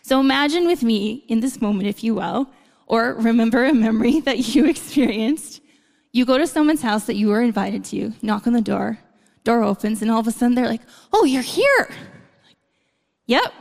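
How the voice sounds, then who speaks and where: A woman's voice: a little high, brisk, creaky, darkish tone. A woman preaching a sermon in a conversational way, with playful asides to the congregation. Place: church hall. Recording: long hall reverb.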